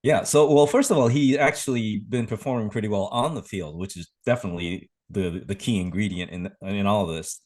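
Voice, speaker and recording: A man co-hosting a podcast in a casual, measured way, agreeing and filling in the details. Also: fairly low pitch, darkish tone. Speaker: podcast co-host.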